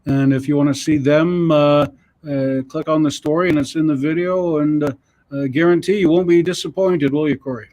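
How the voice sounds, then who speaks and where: Canadian male news editor, fairly high voice, halting casual update with many uhs. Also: steady tone, dark tone.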